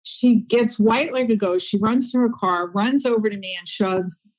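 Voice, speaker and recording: A woman's voice: on the high side, moderate pace, low-quality recording. Chatty woman telling a story. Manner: chatty, animated storytelling with many asides. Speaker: guest medium and intuitive healer. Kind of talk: casual interview storytelling.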